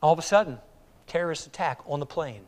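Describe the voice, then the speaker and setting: A high-pitched male pastor preaches in a church, pressing his listeners with question after question. He rises to loud urging, then drops to a near hush. The sound rings with a long hall reverb. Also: expressive, quick pace. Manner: rhetorical questions, swings from loud urging to hushed. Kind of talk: sermon.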